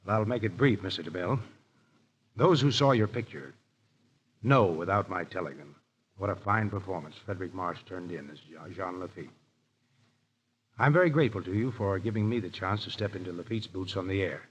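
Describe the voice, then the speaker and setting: A man's voice: low-pitched, fairly quick, husky, rough recording. A man giving a polite, scripted thank-you on a 1930s radio broadcast. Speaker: actor speaking to the host.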